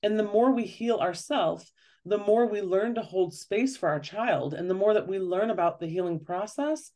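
Woman author chatting on a podcast, earnest, explains step by step, mid-pitched voice. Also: normal speed, mellow. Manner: earnest, explanatory, often acts out quoted questions. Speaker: parenting author and guest. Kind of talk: conversational interview.

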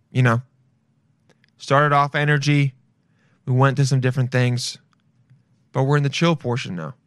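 A man's voice: medium pitch, no echo. Crude rambling male podcast host. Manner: blunt, rambling, crude jokey commentary. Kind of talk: casual crude podcast chat.

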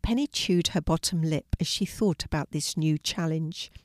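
A woman's voice: low-pitched, moderate pace, no room sound, clean studio sound. Older woman reading a children's story.

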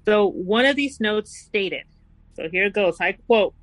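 A woman's voice: mid-range voice, expressive, no room sound, rough recording. Woman telling a true-crime story. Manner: reads quoted notes slowly and deliberately. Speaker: podcast co-host telling the story.

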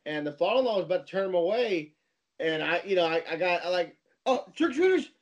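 A man chats casually with a notably high voice, telling stories with animated energy. The recording sounds dull and lo-fi. His retellings swing into excited outbursts. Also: fast. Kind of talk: casual chat.

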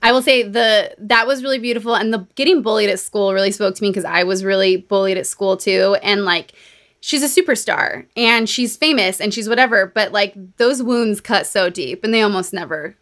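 A woman podcast host in casual chat, telling stories in a chatty, animated way. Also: mid-range voice, moderate pace. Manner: chatty, animated storytelling with laughs and quoted voices. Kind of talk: casual chat recapping a book.

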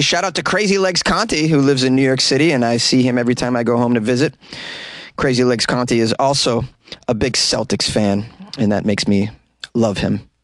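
A man with a Boston accent hosts a comedy news podcast, reading odd stories with wry, joking asides. His voice sits at an ordinary male pitch. He records in a small closet, so the sound is close and completely dry. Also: dry recording. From Boston, USA. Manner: joking, wry asides, laughs at own jokes.

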